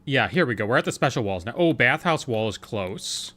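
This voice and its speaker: A man streaming a game, talking through each step in a loose, playful way as he decides what to do next. His voice sits at an ordinary middle pitch, with faint game music behind him. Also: lively intonation, a little fast, fairly bright tone. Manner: thinking aloud, chatty and playful, answering chat. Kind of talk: casual gameplay commentary.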